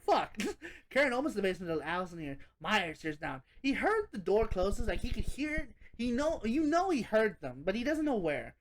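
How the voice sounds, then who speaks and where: A woman giving a casual spoken horror movie review, animated and rambling, swearing often and laughing as she goes. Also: medium pitch, normal speed, slight background noise.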